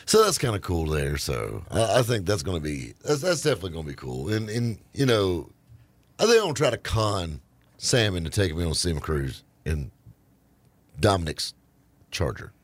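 A male radio host tells stories in a joking, animated way. His voice sits low and has a husky edge, and his pitch rises and falls widely. The studio sound is dry and close. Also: moderate pace, no echo. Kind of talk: casual on-air banter.

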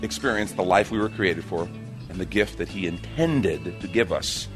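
A male pastor preaching a sermon, telling the story with animated energy and acting out the characters' lines. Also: low voice, moderate pace, over music. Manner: animated storytelling, acts out quotes.

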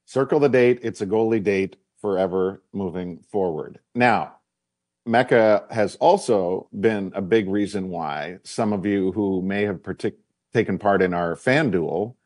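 A man co-hosting a sports talk show in casual chat, measured and reflective. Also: sits low, darkish tone, dry recording, studio quality. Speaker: co-host.

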